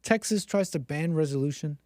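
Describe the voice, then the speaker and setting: Male livestream host, rambling sarcastic commentary, slightly high voice, dry close mic. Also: a little fast, darkish tone, dry recording. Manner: rambling, sarcastic, mocks others with exaggerated gasps.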